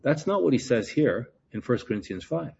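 A man's voice: medium pitch, big pitch swings, normal speed, gravelly, a little mellow, slightly rough, dull audio. A man teaching a Bible passage verse by verse, explaining Greek words and often repeating himself as he works through a point.

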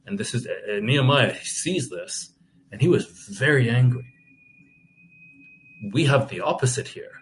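Impassioned lower-voiced male preacher. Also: slight background noise. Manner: impassioned, indignant, with repeated restarts. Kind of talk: sermon.

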